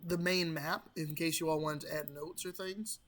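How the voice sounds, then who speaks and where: High-voiced man running a tabletop game. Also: steady tone, moderate pace, fairly bright tone. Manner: rambling, self-correcting narration. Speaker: game master.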